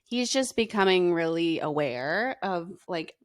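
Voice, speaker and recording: A young woman co-hosting a casual mom podcast, telling animated stories. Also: fairly low pitch, a little slow, no echo, clean studio sound. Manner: animated storyteller, laughs through her own tales. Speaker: podcast co-host. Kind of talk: casual chat.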